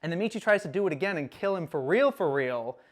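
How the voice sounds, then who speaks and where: A young man giving a casual recap lecture, animated, acting out characters' lines with sudden loud outbursts. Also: on the high side, fast talker.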